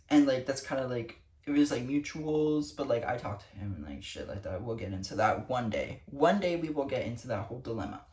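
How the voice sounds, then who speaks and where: A teenage girl rants to her camera, swearing freely and sounding fed up. Her voice sits low but swings widely up and down as she vents. The sound is echoey and picked up from a distance. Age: teens. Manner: profane, exasperated ranting. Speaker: vlogger. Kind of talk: casual rant to camera. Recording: echoey room, distant mic.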